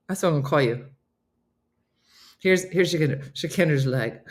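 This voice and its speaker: A woman's voice: rumbling low, big pitch swings, moderate pace, a bit bright. A middle-aged woman hosting a casual live chat, laughing and reading out viewers' comments. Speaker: host.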